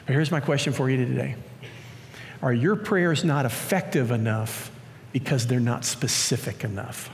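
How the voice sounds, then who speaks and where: A male pastor preaching a sermon in a lively, story-acting way, recorded in a church. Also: mid-range voice, moderate pace, vocal fry, slight background noise. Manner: animated, acts out scripture stories. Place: church auditorium. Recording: long church hall reverb.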